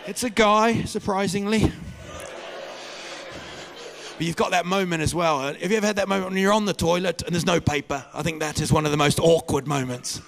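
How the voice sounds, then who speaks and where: A man doing a stand-up comedy routine on stage, telling stories and bursting into loud shouted impressions of the people in them. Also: high-pitched, fairly quick, gravelly. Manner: animated storyteller, mimics people with loud shouted voices. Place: comedy stage before a live audience.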